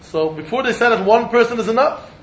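A man teaching a Talmud lesson, animated, often repeating words as he thinks and breaking into laughs. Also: very high-pitched, brisk. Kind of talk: Talmud study lecture. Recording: roomy, muffled recording with faint background noise.

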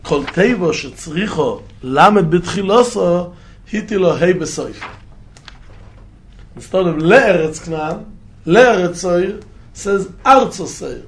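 A man teaching a Torah lesson as a rabbi, chanting quoted verses in a singsong and climbing high when he stresses a point. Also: lively intonation, takes it slowly.

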